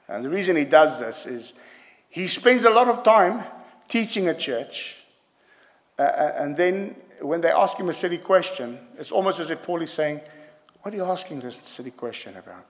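A man delivers a sermon with emphatic, repeated prompts to his listeners. His voice sits a little high for a man. A long hall reverb trails behind each phrase, as in a church. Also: lively intonation, normal speed. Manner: emphatic, repeats "yeah?" to the congregation. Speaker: preacher.

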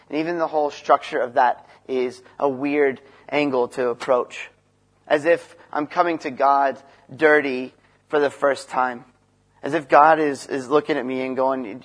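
A man preaching a sermon in an earnest way, shifting from loud emphasis to quiet, low passages and acting out short dialogues. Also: steady tone, a little slow. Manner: acts out dialogue between Moses and God.

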